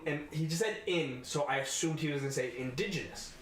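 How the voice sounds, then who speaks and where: A man co-hosting a podcast, telling a story in an animated way and laughing often in casual chat. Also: mid-range voice, quick pace, hardly any pauses. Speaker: podcast co-host. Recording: echoey room, faint noise.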